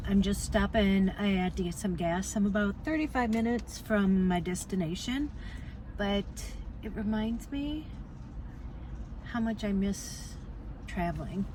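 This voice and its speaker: A woman in her sixties from Minnesota, rambling relaxed in a casual travel vlog from inside her car, with many fillers. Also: mid-range voice, unhurried. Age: 60s. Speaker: travel vlogger. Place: inside a car on a road trip. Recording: road and engine noise behind.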